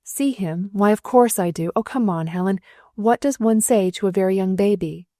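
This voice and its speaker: A woman's voice: medium pitch, normal speed, dark tone, no echo, studio quality, close to an everyday voice. A woman reading the lines of an earnest, devoted young husband in a storybook. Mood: eager.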